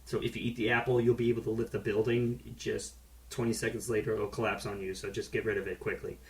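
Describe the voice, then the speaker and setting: A man's voice: fairly low pitch, little pitch movement, fast talker. A man co-hosting a casual podcast, teasing his partner and spinning joke stories. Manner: teasing, jokey storyteller. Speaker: podcast co-host.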